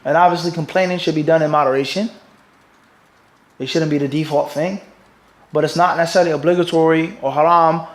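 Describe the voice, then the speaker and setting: A middle-aged man with a fairly high voice teaches a religious lesson to a class. He speaks with lively energy and drops in Arabic terms. He keeps pausing on "what?" for the room to answer and asks whether everyone is following. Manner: quizzes listeners with fill-in "what?" prompts; keeps checking "everybody understand this?". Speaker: mufti teaching a hadith class. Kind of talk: religious lecture.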